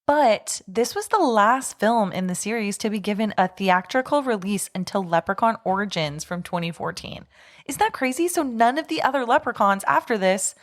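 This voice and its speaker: A woman's voice: a little high, lively intonation, normal speed. A young woman co-hosting a podcast, chatting casually, laughing often and sharing fun facts. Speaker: podcast co-host.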